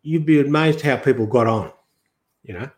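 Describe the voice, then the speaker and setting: A man's voice: medium pitch, normal speed. An older man from Australia, a guest in a political interview, talking in long rambling sentences full of restarts and quoted asides.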